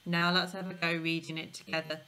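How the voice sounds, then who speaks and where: A woman teacher giving a phonics lesson to young children, sounding out letters slowly and clearly. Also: fairly low pitch, flat delivery, bright, forceful tone.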